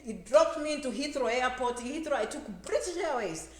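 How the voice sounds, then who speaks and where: A woman with a high voice gives an animated talk about immigration, playing out voices and hammering points home with repetition. Her voice rings through a roomy, echoing space. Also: moderate pace, slight background noise. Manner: animated, acts out quoted voices, repeats phrases for emphasis. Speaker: immigration advisor and speaker. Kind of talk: lively motivational talk to an audience. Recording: echoey room.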